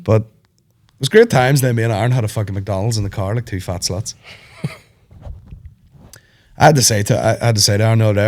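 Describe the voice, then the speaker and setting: Sweary man with a cold. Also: fairly low pitch. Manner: sweary, animated storytelling, laughs often. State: sick with a cold. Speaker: comedian podcast host. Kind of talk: casual chat.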